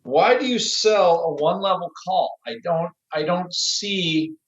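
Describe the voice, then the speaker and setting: A man chats casually as a podcast co-host, laughing through his sentences. His voice sits high. The sound is roomy and echoey. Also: a little slow, highs cut off. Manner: giggly, laughing often. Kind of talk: casual chat.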